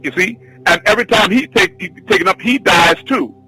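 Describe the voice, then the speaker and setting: A man teaching a spiritual class, telling a long personal story in an excited, rambling, repetitive way. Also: sits high, a little fast, breathy edge, soft background music, rough recording. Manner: excitable, repetitive, restarts often. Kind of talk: rambling spoken testimony.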